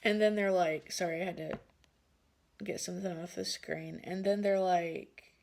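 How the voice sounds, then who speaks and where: A woman's voice: mid-range voice, fairly even intonation, a little slow. A woman giving a casual tarot reading who laughs often and swears freely. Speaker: tarot card reader.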